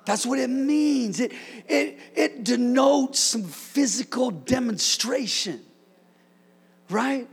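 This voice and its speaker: A man preaching an energetic sermon to a congregation, joking with them and shouting out commands. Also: very high voice, slow pace, creaky, slightly rough.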